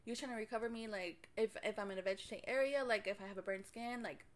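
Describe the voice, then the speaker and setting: A young woman co-hosting a podcast in casual chat, relaxed and giggly. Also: mid-range voice, quick pace. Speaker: podcast co-host.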